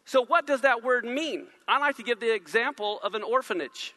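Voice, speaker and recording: A man's voice: very high voice, normal speed, bright, forceful tone. A man preaching a sermon, teaching animatedly and asking the congregation questions.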